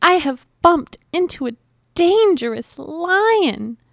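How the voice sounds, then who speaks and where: Squeaky high-pitched voice, a woman putting on a tiny timid mouse, earnest and pleading, storybook tale, unhurried delivery, dry close sound. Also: lively intonation, no room sound. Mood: alarmed. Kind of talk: storybook reading.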